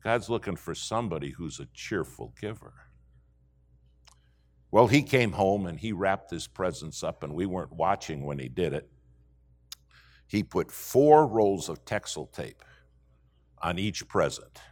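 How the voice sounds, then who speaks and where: Animated folksy preacher, man. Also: deep voice, unhurried, pauses often. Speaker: pastor. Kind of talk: sermon.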